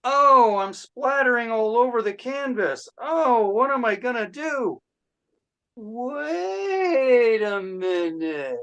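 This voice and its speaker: A man's voice: extremely high pitch, animated, slow, pushed and bright, dull audio, pitched above the performer's own voice, exaggerated voice. A man putting on the voice of a flustered young male painter, exclaiming in dismay over a video call.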